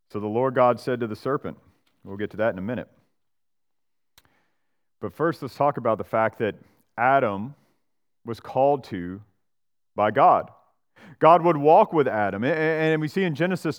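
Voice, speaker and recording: A man preaches a Bible sermon in an everyday, conversational manner, with a voice of middle pitch. He keeps checking in with listeners using "right?" and briefly acts out the figures he quotes in changed voices. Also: lo-fi sound. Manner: acts out Bible characters and church members in voices. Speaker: pastor. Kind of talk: expository sermon.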